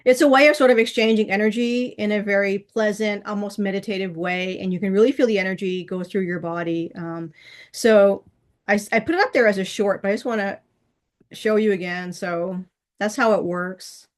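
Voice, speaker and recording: A woman's voice: medium pitch, steady tone, moderate pace. A middle-aged woman hosting her own vlog, chatting casually in a rambling way with frequent restarts and laughs. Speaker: channel host.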